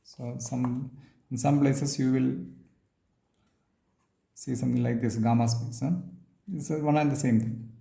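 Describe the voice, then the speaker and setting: A male lecturer works through a physics theorem at a slow, deliberate pace, filling pauses with "uh" and "um" as he writes. His voice is mellow and of middle pitch. The sound is echoey, as in a bare room. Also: fairly even intonation, vocal fry. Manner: halting, many fillers, restates as he writes. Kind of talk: physics lecture while writing on a board.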